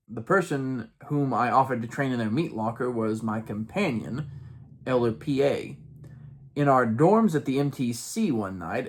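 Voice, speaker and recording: A man in his late thirties reading aloud from a personal journal, with wry, amused asides and playful lifts in his voice. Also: mid-range voice.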